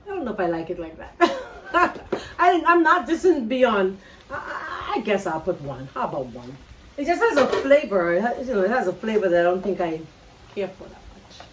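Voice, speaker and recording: Filming on a phone camera in her home kitchen, a middle-aged woman with a Bahamian accent talks directly to her viewers in a relaxed cooking video. She speaks at a moderate pace in a medium pitch that swings widely, and the distant mic picks up background noise.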